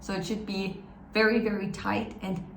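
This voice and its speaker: A woman language teacher with a mid-range, gravelly voice and little pitch movement gives an encouraging, upbeat pronunciation lesson step by step, slowly demonstrating sounds. She's recorded slightly off-mic in an echoey room, with faint ambience and a little hiss or hum.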